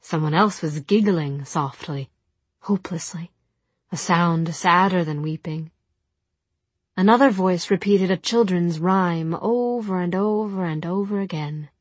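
A woman narrating an audiobook in a soft, measured storytelling manner. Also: fairly low pitch, slightly rough, no room sound. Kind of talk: audiobook reading.

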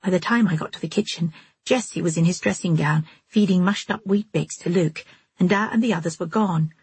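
Husky low-voiced woman narrator. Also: brisk, darkish tone, no room sound. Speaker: audiobook narrator. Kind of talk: scripted first-person narration.

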